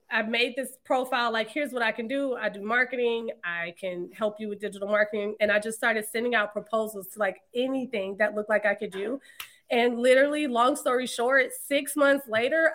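A woman in her thirties, a podcast guest, telling her story in a casual, animated way and laughing often. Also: fairly high pitch, moderate pace. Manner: animated, laughs often, quotes others in lively voices. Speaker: podcast guest, marketing entrepreneur.

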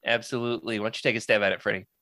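A podcast host leading a casual chat, wry and animated, handing out turns. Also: medium pitch, very fast, no room sound, clean studio sound.

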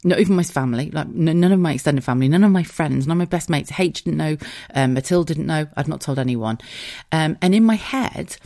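A woman's voice: sits low, darkish tone. A woman hosting a podcast, telling a personal story in a casual, rambling way, open, emotional and a little sweary. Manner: chatty and rambling, with asides and frequent laughter. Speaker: podcast host.

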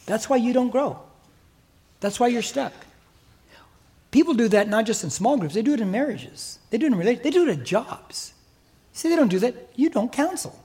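A man's voice: extremely high pitch, expressive, moderate pace, long pauses, warm tone, slightly rough. An older man with an American accent preaching a sermon as pastor in a church, emphatic and exhorting. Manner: emphatic, exhorting, mimics listeners' excuses.

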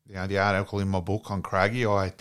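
A man's voice: low voice, flat delivery, fast talker, a bit bright, clean tone. A man, a podcast co-host reminiscing with a guest in casual chat. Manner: reminiscing, agreeable.

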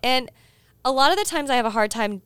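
A woman's voice: sits high, animated, brisk, a bit bright, clear, resonant tone, no echo. A woman in her thirties, co-hosting a casual chat, telling a story and quoting her kids' lines, with frequent laughs. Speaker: podcast co-host.

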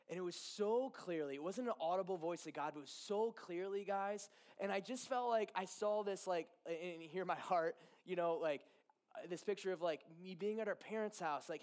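A man in his thirties, a pastor, telling an emotional personal story from the pulpit with lots of laughter and animated retelling. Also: high-pitched, normal speed. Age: 30s. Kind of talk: sermon storytelling.

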